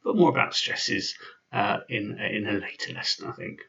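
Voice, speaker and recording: Man, gravelly voice, lively pitch, casual teaching, slightly distant dull recording. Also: moderate pace. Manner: chatty, with frequent fillers and restarts. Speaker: language teacher. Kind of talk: informal video lesson.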